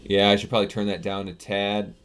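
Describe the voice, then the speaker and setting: Chatty low-voiced man on a live stream. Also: little pitch movement, quick pace, fairly bright tone, smooth. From United States. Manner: chatty, reads viewer comments and answers them, loose with restarts. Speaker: software developer streaming live. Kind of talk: casual live-stream chat. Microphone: desk microphone.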